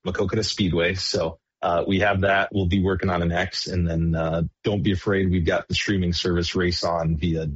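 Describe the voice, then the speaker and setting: Casting: low, husky-voiced man, track promoter calling in, halting and full of "uh"s, dull phone sound. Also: little pitch movement, dry recording. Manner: hesitant, many fillers and restarts. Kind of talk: phone-in radio interview. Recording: dull phone-line hotline audio.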